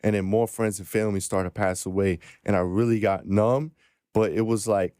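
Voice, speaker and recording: A man's voice: on the low side, steady tone, normal speed, warm tone, smooth, no echo, studio quality. Laid-back man, slangy podcast talk. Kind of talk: casual podcast conversation.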